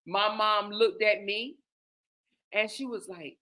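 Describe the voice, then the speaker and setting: Bright-voiced woman telling a personal story. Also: mid-range voice, slow pace. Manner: animated, talks straight to listeners with "y'all". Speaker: host.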